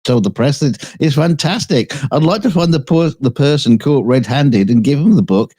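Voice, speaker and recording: A man co-hosts a casual comedic news show, reading odd stories and joking between them while laughing often. His medium-pitched voice is expressive and mellow with a breathy edge, at a normal speed.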